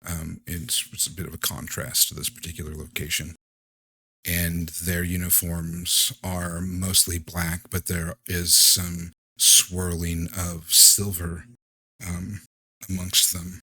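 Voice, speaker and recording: A man narrating as game master of a tabletop horror game, halting and relaxed with many fillers. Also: low-pitched, slightly rough, no echo.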